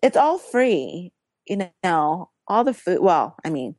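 A woman's voice: lowish voice, sing-song, takes it slowly, darkish tone. A woman co-hosting a podcast, chatting playfully and listing things off. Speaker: podcast co-host. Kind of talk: casual chat.

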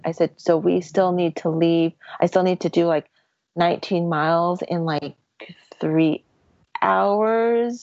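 A woman with a lowish voice tells a personal story about running a race. She speaks in halting bursts, stumbling and repeating herself, and her voice grows tearful at times. The recording is dry and sounds a little dull and lo-fi. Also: creaky, darkish tone, no echo. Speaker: ultramarathon runner guest.

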